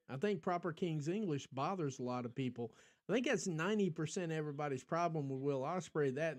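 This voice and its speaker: An American man hosting a podcast livestream, rambling in casual chat, full of ums and restarts and answering viewers in the chat. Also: a little high. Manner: rambling, talks back to chat, frequent ums. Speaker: podcast host.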